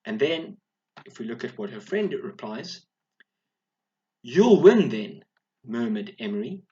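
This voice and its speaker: A man teaching a recorded video lesson to young schoolchildren, speaking clearly and encouragingly, often checking in with "all right?". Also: mid-range voice, animated, moderate pace, darkish tone, highs cut off.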